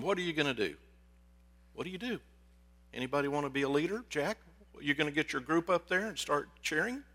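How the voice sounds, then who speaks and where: A pastor preaching a lively, conversational sermon to his congregation, calling them folks. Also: fairly high pitch. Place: church sanctuary.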